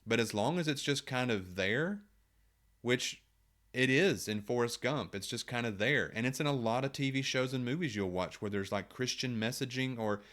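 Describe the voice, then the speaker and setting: A man's voice: medium pitch, moderate pace, fairly bright tone. A man, a writer, talking casually to camera, thinking aloud with rhetorical questions and frequent restarts.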